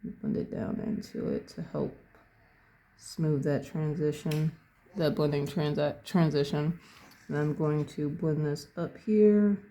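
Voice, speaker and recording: A relaxed, gravelly voice walks through a digital painting session one brush stroke at a time. The speaker is calm and unhurried, narrates each move as they make it, and often corrects a word mid-phrase. The tone is dark and mellow, close to the mic. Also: mid-range voice. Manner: calm, thinks aloud, corrects own words mid-phrase. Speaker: painting instructor. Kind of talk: casual step-by-step painting tutorial.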